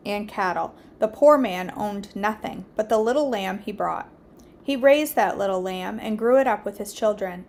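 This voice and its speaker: A woman hosting a daily devotional, reading scripture aloud in a steady, earnest way with small slips and restarts. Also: mid-range voice, slight background noise. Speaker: devotional host.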